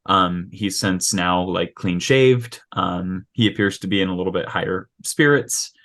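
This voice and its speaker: Guy gm with a lowish voice, lots of ums, describing a character on a call. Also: a little slow, a bit bright. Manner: hesitant, many ums and restarts. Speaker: game master. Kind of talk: describing a character at a tabletop game session.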